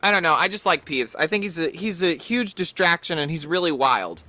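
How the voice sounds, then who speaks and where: Male podcast host, playful pop-culture chatter, lively bright voice. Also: fairly high pitch, moderate pace, no room sound. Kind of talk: casual pop-culture chat.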